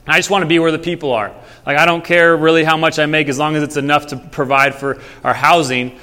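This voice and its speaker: Brief: young male pastor, a bit high-pitched, chatty storytelling sermon, reverberant hall. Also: little pitch movement, fast talker, sharp tone. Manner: conversational, storytelling. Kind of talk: casual sermon. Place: church hall.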